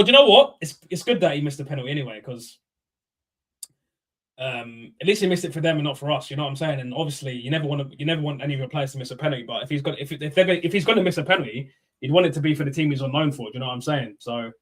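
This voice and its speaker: Young male streamer, slightly high voice, loose slangy delivery full of "man" and "bro", chatty. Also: quick pace. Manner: loose slangy talk, frequent "man" and "bro", shout-outs to viewers. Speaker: football fan channel host reading live chat. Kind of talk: casual live-stream chat.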